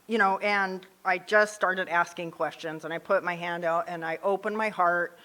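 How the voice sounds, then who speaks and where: A woman's voice: fairly low pitch, fairly even intonation, moderate pace, bright, forceful tone. A woman in her late forties telling her own story of getting sober, candid and emotional, often voicing her past thoughts. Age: 40s. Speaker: recovery speaker. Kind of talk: personal recovery story at a meeting.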